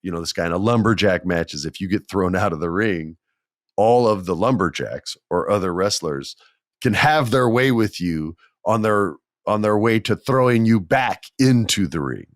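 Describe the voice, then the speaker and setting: A man hosting a podcast, telling stories in a casual, animated way, acting out the quotes and laughing often. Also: normal speed, dry recording, studio quality. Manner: animated, acts out quotes with big jumps in pitch, laughs often. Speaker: podcast host. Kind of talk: casual storytelling.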